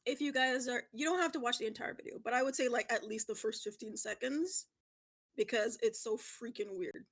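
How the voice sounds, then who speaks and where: A woman's voice: fairly high pitch, fairly quick. A woman co-hosting a podcast and running a casual quiz, laughing often as she explains. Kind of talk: casual chat.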